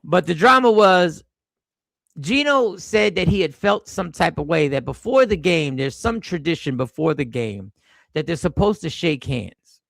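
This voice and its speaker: A man hosting a casual podcast, his voice pitched fairly high and swinging widely as he tells stories with playful energy. There's a gravelly edge to his tone, and the sound is dry and close. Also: a little slow, no room sound. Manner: animated, playful storytelling. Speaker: podcast host. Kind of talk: casual chat.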